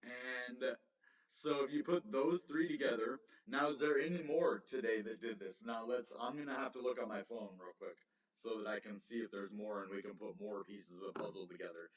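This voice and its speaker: A man's voice: lowish voice, moderate pace. A man hosting a casual crypto livestream, rambling and correcting himself, with frequent chuckles. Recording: roomy, distant, slightly dull mic.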